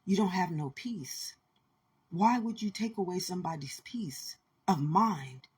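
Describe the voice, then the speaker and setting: Husky-voiced woman preaching with intensity. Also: lowish voice, expressive, a little slow, a little mellow. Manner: intense, repetitive, preachy, addresses listeners directly. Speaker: spiritual speaker. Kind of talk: impassioned spiritual monologue.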